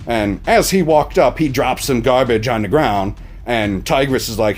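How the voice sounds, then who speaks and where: A man's voice: medium pitch, moderate pace, slight background noise. A man recapping a TV episode in a casual, profane, exasperated way. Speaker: TV reaction reviewer.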